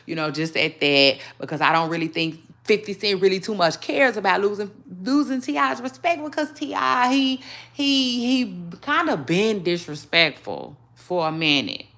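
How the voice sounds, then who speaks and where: Chatty gossip host, animated and laughing. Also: female voice, lowish voice, unhurried. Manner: chatty and animated, laughing, with many fillers and restarts. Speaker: gossip vlogger. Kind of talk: casual celebrity gossip commentary.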